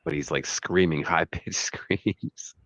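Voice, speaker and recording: A hoarse man co-hosting a podcast, joking crudely in a casual chat. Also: sits low, fairly even intonation, slow, a bit bright, no echo. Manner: crude, joking, does voice impressions. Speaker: podcast co-host.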